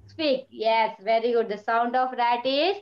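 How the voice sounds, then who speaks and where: A woman's voice: a little high, fairly even intonation, measured pace, muffled recording. A woman teacher giving an online primary school lesson, patiently repeating words and praising often.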